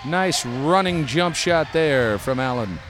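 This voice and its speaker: A man's voice: fairly high pitch, animated, slow pace, noisy background. A man co-hosting comedic play-by-play for a rec-league basketball game from the side of a gym, with upbeat broadcaster patter. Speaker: co-commentator. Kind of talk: comedic sports commentary. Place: community gym, courtside.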